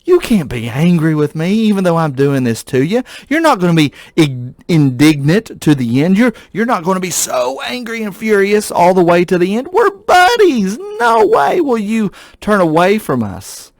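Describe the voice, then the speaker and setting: A man voicing a smug, childish people who plead for friendship with God in a high, mocking, wheedling tone. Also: big pitch swings, normal speed, few pauses, no room sound.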